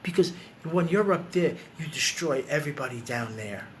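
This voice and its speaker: A man talking bluntly and profanely in a low, quiet voice while grieving, then singing along to guitar. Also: lively intonation, moderate pace, a little hiss or hum. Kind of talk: emotional casual talk and singing. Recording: loud guitar music behind.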